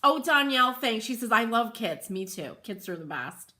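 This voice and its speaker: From home, a woman hosts a craft livestream at a moderate pace in a higher-leaning voice. She chats casually, reads viewer comments aloud, and greets people by name with sudden excited exclamations.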